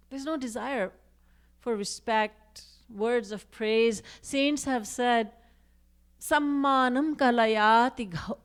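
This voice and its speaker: Woman preaching a devotional talk, fairly high voice, recites verses, acts out little quotes. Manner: expressive, acts out quoted speech; recites Sanskrit and Hindi verses. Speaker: spiritual teacher. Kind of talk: devotional discourse.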